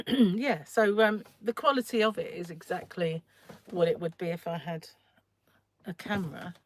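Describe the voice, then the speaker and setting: A croaky woman hosting a casual crochet livestream from home, chatting and rambling while she works and often clearing her throat. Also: lowish voice, normal speed, slight background noise. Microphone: phone.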